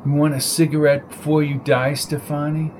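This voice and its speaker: A man's voice: a little high, little pitch movement, normal speed, a little mellow, slight background noise, close to an everyday voice. A man voicing a cold, treacherous mob son. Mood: menacing. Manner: cold, commanding, menacing.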